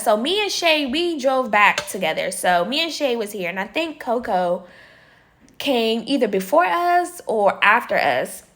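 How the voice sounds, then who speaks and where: Young woman vlogger, high and animated, chatty storyteller who swears casually. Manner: animated, chatty, swears freely, addresses viewers as y'all. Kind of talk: storytime chat while doing nails.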